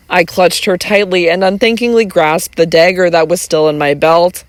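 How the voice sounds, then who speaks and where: Measured audiobook narrator, dry sound. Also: medium pitch, steady tone, dry recording. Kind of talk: scripted narration.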